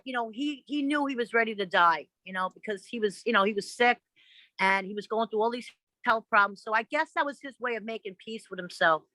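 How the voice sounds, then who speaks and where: A woman gives a podcast interview, her high voice crisp and bright. She tells her stories bluntly and with plenty of swearing, slipping into the voices of the people she quotes. The recording is dry and close. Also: no echo, poor audio. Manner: blunt, profane and animated, acting out the voices of others in her stories. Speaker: interview guest. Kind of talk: casual interview storytelling.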